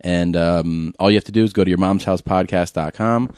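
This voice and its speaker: Low rambling guy, lots of likes and uhs, dead dry room. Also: fairly even intonation, brisk, a little mellow, clear, resonant tone, no echo. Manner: rambling, filler-heavy storytelling. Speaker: podcast co-host. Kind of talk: casual chat.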